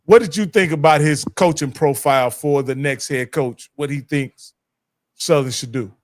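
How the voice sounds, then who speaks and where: A man's voice: on the high side, normal speed, no room sound, studio quality. A man hosting a casual college football talk stream, laid-back and friendly, calling people "man.". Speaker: show host.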